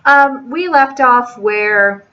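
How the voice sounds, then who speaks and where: A woman's voice: on the high side, drawn-out words, dull audio. Sarcastic, swearing gamer woman. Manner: chatty and sarcastic, swears freely. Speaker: game let's player. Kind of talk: casual let's-play commentary reading a visual novel.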